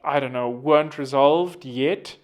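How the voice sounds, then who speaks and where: A man's voice: mid-range voice, unhurried. A man hosting a podcast, talking in a rambling, casual monologue full of fillers and self-corrections. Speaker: podcast host.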